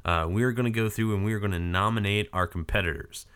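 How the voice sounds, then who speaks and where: Podcast host, male, hoarse and sick; low, bright, smooth voice with a crude, rambling humor. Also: fast. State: hoarse from a cold. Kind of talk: casual chat.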